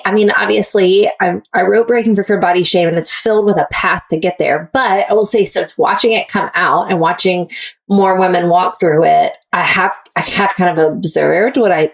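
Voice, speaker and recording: A woman's voice: on the low side, distant mic. A woman author, a guest in an interview, giving earnest, thoughtful answers with frequent fillers.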